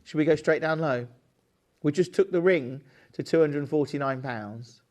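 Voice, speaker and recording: A man's voice: a little high, normal speed, darkish tone. A man presenting jewellery on a live shopping channel, chatty and upbeat, urging viewers to buy. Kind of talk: live jewellery sales pitch. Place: television studio.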